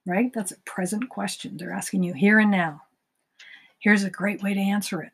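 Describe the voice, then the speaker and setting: A woman hosts a self-help podcast, giving a motivational talk in a mid-range voice at a moderate pace. She acts out imagined conversations, voicing the dialogues in a lively way.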